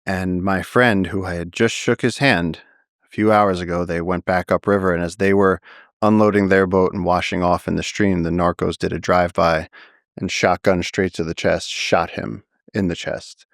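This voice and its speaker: A man's voice: low voice, fairly even intonation, moderate pace, no room sound, clean studio sound. A man, a naturalist guest on a podcast, vividly telling a story and acting out the quotes. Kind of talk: storytelling in a long-form interview.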